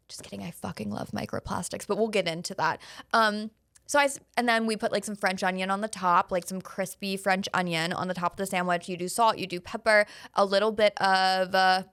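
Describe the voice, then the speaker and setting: A woman's voice: medium pitch, fairly bright tone, dry recording, clean studio sound. Ranting, chatty woman podcast host. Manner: ranting, chatty, swearing, quick asides. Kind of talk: casual solo podcast chat. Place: small podcast studio.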